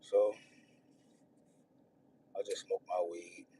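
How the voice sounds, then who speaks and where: Upset guy venting on his stream, almost crying, dark mellow voice, sitting back from the mic with faint background hiss. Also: low-pitched, level tone, very slow. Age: adult with children. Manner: rambling, repeats himself, swings between loud outbursts and hushed near-whispers. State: distressed, near tears. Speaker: livestreamer. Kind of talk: emotional personal venting. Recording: distant mic, faint room noise.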